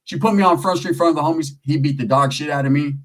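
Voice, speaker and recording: A man's voice: on the high side, rapid-fire, rough recording. A middle-aged man from California telling prison and neighborhood stories in casual, profane street slang. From Merced area, California. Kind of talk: casual storytelling.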